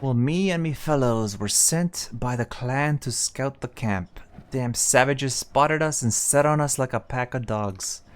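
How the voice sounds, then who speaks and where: Man putting on a gruff dwarf warrior brogue. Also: medium pitch, unhurried, few pauses, lightly acted. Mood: storytelling. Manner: put-on dwarvish brogue, dropped words. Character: battered male dwarf warrior, gruff and boastful. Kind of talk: reading game dialogue aloud.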